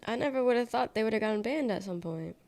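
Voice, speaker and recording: A woman's voice: fairly high pitch, animated, fast talker, gravelly, a little mellow. A young adult woman streamer chatting casually and sarcastically, reading viewer comments aloud and rambling between topics. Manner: rambling, sarcastic, reacts to chat. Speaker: livestreamer.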